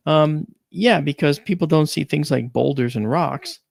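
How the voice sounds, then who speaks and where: On a talk stream, a podcast host animatedly recounts a family story in a casual chat, acting out the voices he quotes. His voice is on the high side and gravelly, he speaks a little slowly, and there's no echo.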